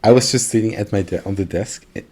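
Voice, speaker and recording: A man's voice: on the low side, fast, crowd noise. A man co-hosting a podcast, telling a story in casual chat with frequent laughs and fillers. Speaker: podcast co-host.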